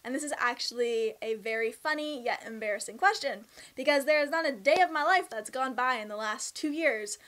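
Bubbly young Canadian woman vlogger with a Canadian accent, high bright voice, expressive casual delivery. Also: brisk. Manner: bubbly, chatty and expressive, with laughs and emphatic swings. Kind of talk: casual Q&A vlog.

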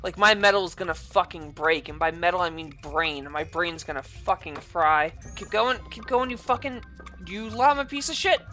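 A woman hosting her gaming channel, giving ranting gameplay commentary and swearing constantly. She swings from low mutters to screaming outbursts. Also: animated, moderate pace, pushed and bright, soft background music.

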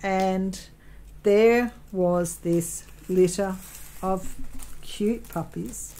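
A woman's voice: medium pitch, very slow, mellow, a little hiss or hum, low-quality recording. An Australian woman vlogging casually at home while crafting, telling a long personal story in a rambling way, with many ums and self-corrections.

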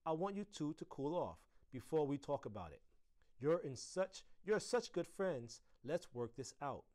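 A man voicing a calm, firm schoolteacher settling two girls in a storybook reading. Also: a little high, measured pace.

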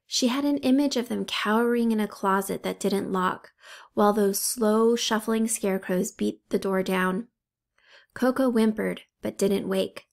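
A woman's voice: mid-range voice, creaky. A woman reading a children's novel aloud as narrator, giving the characters' lines light, modest voicing. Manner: steady unhurried reading with lightly acted dialogue. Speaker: audiobook reader. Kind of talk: storybook narration.

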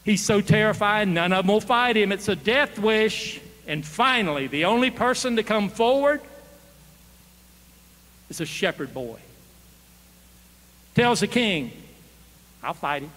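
A man preaching a sermon, retelling a story with animated questions to the congregation. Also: high voice, a little slow, pauses often. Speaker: guest preacher. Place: church sanctuary. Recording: long church hall reverb.

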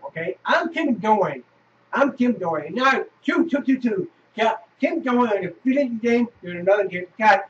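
A man's voice: high voice, a little hiss or hum. A man commentating his horror game playthrough, cursing and venting frustration at the game. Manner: frustrated, swearing, shouting at the game. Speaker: gameplay video host. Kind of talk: casual let's play commentary. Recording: distant lo-fi mic.

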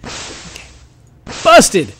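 A man giving excitable let's play commentary at home, yelping and laughing at the games he plays. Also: extremely slow. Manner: excitable, yelps and laughs at the game. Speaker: gaming YouTuber.

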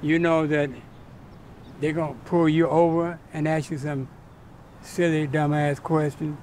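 A man's voice: a little high, level tone, measured pace, pauses often, a little mellow, a little hiss or hum. An older man telling his life story in a casual, colloquial interview and acting out the voices of people he quotes. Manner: colloquial, laid-back, acts out quoted voices. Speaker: interviewee, cowboy.

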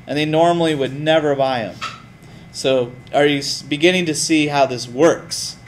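A man teaching a class in a lively, casual way, often putting questions to the students. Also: a little high, moderate pace, a little hiss or hum. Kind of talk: classroom lecture.

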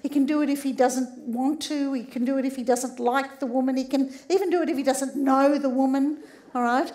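High-voiced Australian woman giving a lecture. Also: fairly even intonation, a little fast, darkish tone. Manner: humorous, keeps checking in with the audience. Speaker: sex therapist and doctor. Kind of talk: public lecture.

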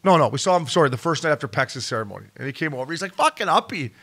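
A man in his thirties co-hosting a podcast, excitedly telling stories in casual chat and acting out the quotes. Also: medium pitch, racing. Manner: excitable storyteller, acts out quotes. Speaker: podcast co-host.

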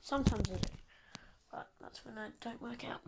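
Aussie teen girl vlogging while she cleans her room, talks fast, whispers a bit, phone mic a way off, hissy. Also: on the high side. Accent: Australian. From Australia. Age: teens. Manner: rambling, fast, self-mocking, often drops to a whisper. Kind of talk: casual chatty vlog while tidying her room. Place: bedroom. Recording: distant phone mic with background hiss.

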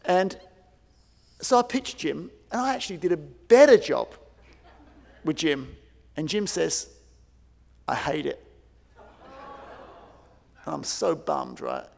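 A man delivers a conference keynote in a gravelly, fairly high voice, acting out the people in his stories with lots of fillers. His voice rings with the long reverb of a large hall. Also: slow pace, long pauses. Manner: animated, acts out quoted voices, many fillers. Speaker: keynote speaker.

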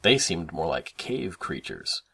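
Dad reading a picture book to his kids, low gravelly voice, very lively pitch. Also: a little slow. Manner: expressive, animated read-aloud. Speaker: parent reading aloud. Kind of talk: children's storybook narration.

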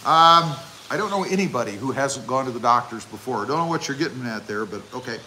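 A man's voice: mid-range voice, expressive, fairly quick, pushed and bright, a little hiss or hum. A man hosting a casual livestream, reading viewer comments aloud and answering them with chatty, jokey asides. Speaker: channel host reading live chat.

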